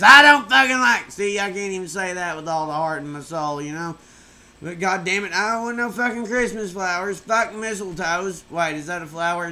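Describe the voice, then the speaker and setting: A tired, burnt-out man rambling and swearing in a late-night vlog on a webcam mic, drifting from loud outbursts to mumbles. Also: on the high side, slight background noise. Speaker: vlogger.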